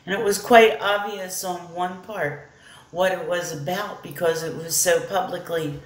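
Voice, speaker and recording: The spirit of a cheerful Australian wildlife man, put on by a woman channeling him speaks in a mimicked Australian accent. He talks slowly and warmly. The sound is echoey, as in a reverberant room. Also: lowish voice, far from the mic, natural voice. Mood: earnest. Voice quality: lively and upbeat, says "mate".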